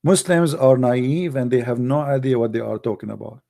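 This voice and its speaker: A man with an Arabic accent, a native Arabic speaker from the Middle East, hosting a live debate show in a mocking, emphatic and forceful way. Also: mid-range voice, normal speed, vocal fry. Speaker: apologetics show host.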